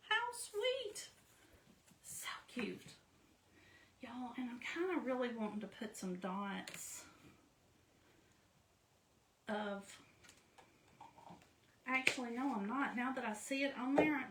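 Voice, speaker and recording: Slow, bright-voiced woman crafting. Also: high-pitched, far from the mic, slight background noise. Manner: chatty, self-deprecating, explains each step as she works. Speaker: craft vlogger. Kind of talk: casual how-to chat while crafting. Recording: echoey room, voice a bit off-mic.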